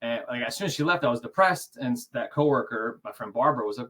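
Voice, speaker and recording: A man in his forties, speaking at an average pitch, telling a personal story over a video call. He is animated and voices the other people in his story, with little chuckles as he goes. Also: fast talker, hardly any pauses. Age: 40s. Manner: animated, acts out quoted dialogue, chuckles. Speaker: interview guest. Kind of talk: casual storytelling.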